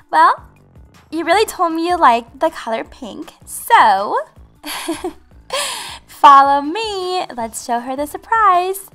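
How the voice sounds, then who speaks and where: A woman's voice: very high-pitched, expressive, a little slow, pushed and bright, soft background music. A woman hosting a game channel, giving bubbly, giggly roleplay commentary to her viewers.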